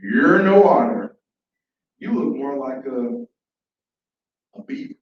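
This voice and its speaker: A man voicing an older frog that lectures and croaks "ribbit", told live in an echoey room. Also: mid-range voice, expressive, slow pace, voice pushed down. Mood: dismissive. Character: frog on a lily pad, older, know-it-all. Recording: echoey, dull, from far off.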